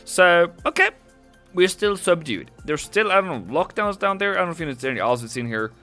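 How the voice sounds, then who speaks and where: Male streamer, bright forceful voice, chatty and rambling, faint music underneath. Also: sits high, sing-song, moderate pace. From Norway. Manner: rambling and chatty, often self-correcting. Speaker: trading streamer. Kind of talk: live market commentary.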